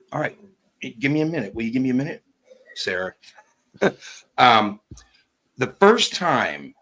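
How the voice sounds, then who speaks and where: A man's voice: mid-range voice, pushed and bright. A man talking casually as a guest, blunt and emphatic, peppering his talk with "you know". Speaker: guest commentator. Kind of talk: casual chat.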